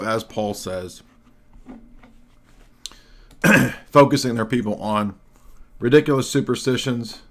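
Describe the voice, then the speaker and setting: A man hosting a livestream, delivering combative, sarcastic commentary and often clearing his throat. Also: fairly low pitch, fairly bright tone. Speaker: livestream host. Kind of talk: argumentative solo commentary.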